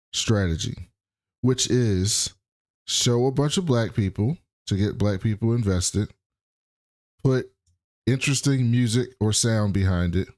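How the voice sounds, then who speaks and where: A man's voice: mid-range voice, darkish tone, no room sound, studio quality. A man co-hosting a casual reaction chat, blunt and profane, often incredulous. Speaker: podcast co-host.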